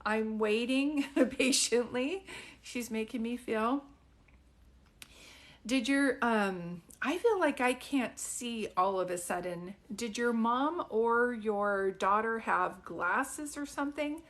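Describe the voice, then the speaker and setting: A woman's voice: fairly high pitch, expressive, slow pace, fairly bright tone. A middle-aged woman, a psychic medium, giving a chatty live-stream reading, full of fillers, questions and laughs.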